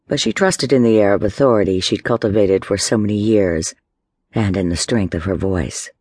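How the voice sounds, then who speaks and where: Low-voiced man narrating a dark tale. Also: no room sound, clean studio sound. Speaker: audiobook narrator. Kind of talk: scripted narration.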